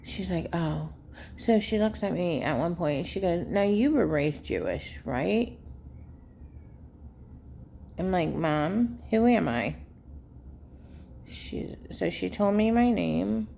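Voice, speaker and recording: Slow-talking woman with a deep gravelly voice. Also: mellow, slight background noise. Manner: rambling, unhurried, many fillers. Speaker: vlogger, caregiver daughter. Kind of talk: casual storytelling to viewers.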